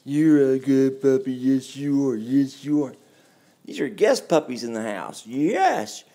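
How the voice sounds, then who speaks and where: A man's voice: mid-range voice, animated, unhurried, mellow. A man with a Texan accent, filming at home and talking casually, baby-talking to dogs and laughing often as he chats. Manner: coos and baby-talks to the dogs; laughs often, chatty and playful. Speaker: dog-sitting home vlogger. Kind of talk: casual home video talk. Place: home, indoors and in the yard. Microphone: handheld camera mic.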